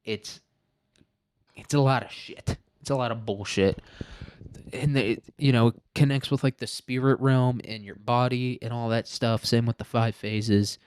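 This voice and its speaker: A man's voice: medium pitch, fairly even intonation, a little slow, a little mellow, clear, resonant tone. A man hosting a podcast alone, telling rambling stories in casual, profane talk and laughing often. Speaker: podcast host. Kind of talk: casual solo podcast monologue.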